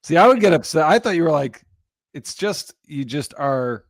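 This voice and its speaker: A man with a gravelly, fry-edged voice and a lively pitch that swings around as he talks, recorded close and dry. He banters on a comedy podcast, laughing easily and tossing in crude asides. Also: moderate pace, no room sound. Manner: wry, laughs often, drops crude quips. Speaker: podcast co-host. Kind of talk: casual comedy podcast chat.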